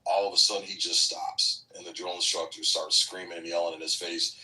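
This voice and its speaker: A man's voice: low-pitched, level tone, fairly quick, pushed and bright, distant mic, low-quality recording. A man who served as a recruit, telling rambling, profanity-laden stories in a casual chat. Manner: profane, rambling storyteller with many fillers.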